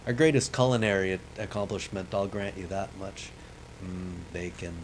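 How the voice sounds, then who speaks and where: A man's voice: low-pitched, moderate pace, slight background noise, low-quality recording. A man streaming a space-flight game, giving rambling, chatty, self-deprecating commentary as he plays. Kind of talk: casual commentary while playing a space sim.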